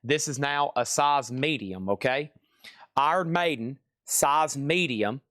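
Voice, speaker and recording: A man hosting a live online record sale, calling out items, prices and bidders in quick sales patter, at times dropping to a soft murmur to calm his dog. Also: medium pitch, no echo, clean studio sound.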